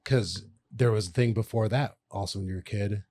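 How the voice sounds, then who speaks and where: A man's voice: fairly low pitch, fairly quick, a little mellow, slightly rough. Man co-hosting, interrupting with questions. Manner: interrupting to keep the story in order. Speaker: podcast co-host. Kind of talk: casual chat.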